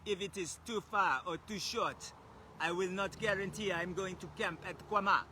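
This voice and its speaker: An Australian man putting on a stiff, oddly formal speaking voice, slow and over-precise. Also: high voice, sharp tone, a little hiss or hum, voice pushed up. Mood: stilted. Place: outdoors by a road, windy.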